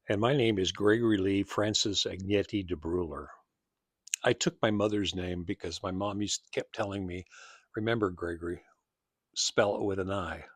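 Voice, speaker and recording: A man's voice: deep voice, no echo, clean studio sound. A man in his seventies, hosting his own show, tells rambling personal stories and acts out remembered dialogue. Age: 70s. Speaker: host. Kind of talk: personal storytelling monologue.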